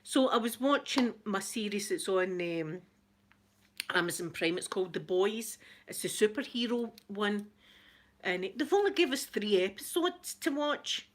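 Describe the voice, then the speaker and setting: In a medium-pitched voice with lively intonation and a slightly slow pace, a middle-aged Scottish-accented woman chats casually on her ASMR livestream. She reads out viewer comments and laughs often.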